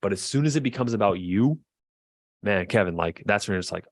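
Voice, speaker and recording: A man working as a marriage therapist, giving a lively coaching lesson in a chatty way and acting out quoted voices. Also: fairly low pitch, brisk, dry recording. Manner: lively, acts out quoted voices, chuckles often; conversational, frequent fillers like "like" and "right".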